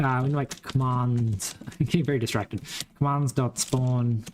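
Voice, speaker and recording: A man's voice: mid-range voice, moderate pace, a little hiss or hum. Rambling man with a mild West Australian accent. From Western Australia. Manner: rambling, thinks aloud, swears casually. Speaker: game developer streaming his coding. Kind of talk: casual live-coding chat.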